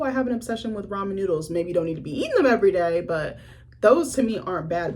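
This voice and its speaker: A young woman casually recapping a film she reviewed, animated and profane, with a husky voice. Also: on the low side, slight background noise. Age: young adult. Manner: animated storytelling with profanity and laughter.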